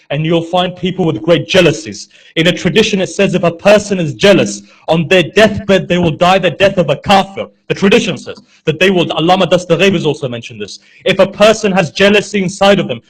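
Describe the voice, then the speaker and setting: Husky high-voiced male preacher. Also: low-quality recording. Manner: storytelling with rhetorical questions and repetition. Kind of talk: sermon from a pulpit.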